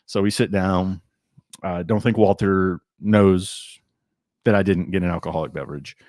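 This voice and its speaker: A man's voice: sits low, fairly even intonation, moderate pace, a little mellow, no room sound, studio quality. A man hosting a livestream from a tasting room, chatting casually and telling rambling anecdotes. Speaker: livestream host. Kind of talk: casual chat over drinks.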